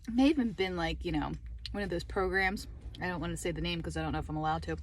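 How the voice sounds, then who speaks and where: A middle-aged woman talking casually to her phone camera from a parked car, chatty and animated, laughing often. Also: on the low side, rapid-fire, slight background noise. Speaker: lifestyle vlogger.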